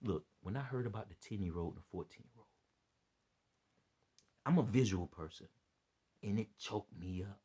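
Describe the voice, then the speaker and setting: A man's voice: fairly low pitch, normal speed, pauses often, warm tone, slightly rough. A tired man speaking in a rambling, preachy vlog, repeating himself and appealing to his listeners. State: worn out and dead tired. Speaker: online preacher and commentator. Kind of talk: impassioned unscripted vlog commentary.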